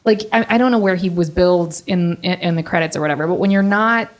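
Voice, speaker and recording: A woman's voice: lowish voice, quick pace. A woman guest on a podcast, talking animatedly and with exasperation about a movie, laughing often. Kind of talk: casual film discussion.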